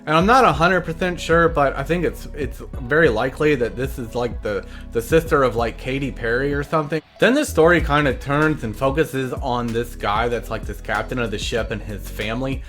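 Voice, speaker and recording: A man hosting a comedic episode recap, telling it in a deadpan, meandering way full of side stories. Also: mid-range voice, moderate pace, few pauses, soft background music. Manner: deadpan, meandering storytelling with asides.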